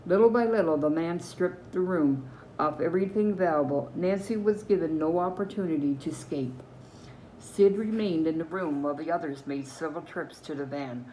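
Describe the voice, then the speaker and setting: An older woman with a Newfoundland accent reads a mystery novel aloud in a low voice, telling it steadily and fixing small slips as she goes. A faint hiss sits behind her. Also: normal speed, rough recording. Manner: steady storytelling with small slips and self-corrections. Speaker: reader.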